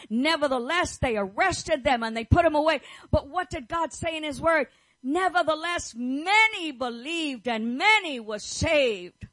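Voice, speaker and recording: A woman's voice: high-pitched, lively intonation, measured pace, fairly bright tone, no room sound, poor audio. A middle-aged woman preaching a fervent sermon, declaring and repeating her phrases as she prays over the listeners. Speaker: pastor's wife preaching.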